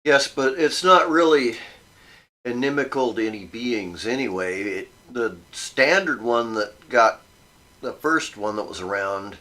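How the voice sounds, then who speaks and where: A man joins the conversation as co-host, speaking with a low pitch and a bright, forceful edge. He cuts in to add explanations and set details straight in a loose, conversational way. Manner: adds explanations and corrections. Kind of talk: casual conversation.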